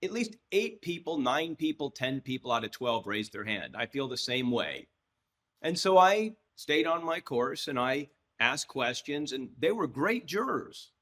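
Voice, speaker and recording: A man's voice: on the high side, measured pace, hardly any pauses. Man in his sixties telling a courtroom story. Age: 60s. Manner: lively storyteller who acts out quoted dialogue, with frequent restarts. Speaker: trial lawyer, podcast guest. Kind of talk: anecdotal storytelling in a podcast interview.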